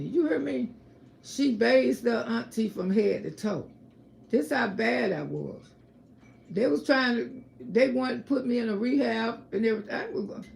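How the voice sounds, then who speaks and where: A woman's voice: on the high side, creaky, slight background noise. A woman giving an emphatic, repetitive religious testimony on a livestream. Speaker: livestream host.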